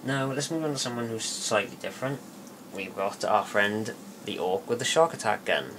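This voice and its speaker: A man giving a casual spoken tutorial, rambling and halting with many fillers and restarts. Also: on the low side, a bit bright, slight background noise. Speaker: video tutorial maker.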